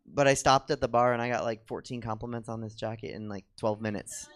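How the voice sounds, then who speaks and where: A man at mid pitch banters from a comedy theater stage, rambling through stories in a chatty, self-mocking way. He talks loosely with the crowd and keeps slipping into giggles. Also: fairly even intonation, fast. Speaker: comedy show co-host. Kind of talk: rambling stand-up style chat with the audience.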